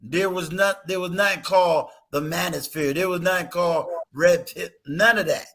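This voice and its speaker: A man's voice: high-pitched, moderate pace, vocal fry, fairly bright tone. A man hosting a casual talk stream, telling a personal story with emphatic rhetorical questions. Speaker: host.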